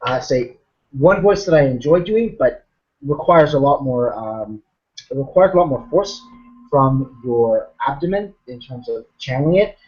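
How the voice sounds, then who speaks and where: A man, a game master, explaining tips in casual chat on a video call, talking things through with frequent ums and restarts. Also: medium pitch. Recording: muffled video call audio.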